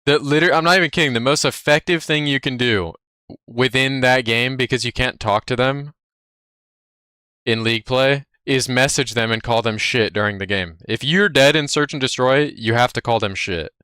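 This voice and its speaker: A man's voice: medium pitch, moderate pace, pushed and bright, smooth, dry recording, studio quality. A man streaming live, chatting casually in a brash, profane, cocky way. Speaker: livestreamer.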